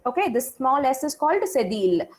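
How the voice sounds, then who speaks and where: A woman's voice: high voice, very animated, fairly quick, darkish tone, low-quality recording. A woman teaching a French class, explaining patiently and repeating points while checking that her students follow. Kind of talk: classroom lecture.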